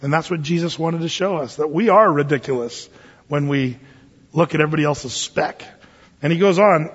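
High-voiced man preaching in an echoing hall. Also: slightly rough. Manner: folksy, with humorous asides and slow scripture reading. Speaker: pastor. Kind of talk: conversational Bible teaching sermon. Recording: dull lo-fi sound with long hall reverb.

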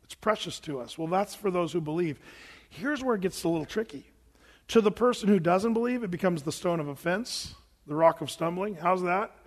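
A man's voice: high-pitched, lively intonation, normal speed, in a large hall. A man preaching a sermon, asking rhetorical questions and acting out scenes as he retells them. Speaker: pastor.

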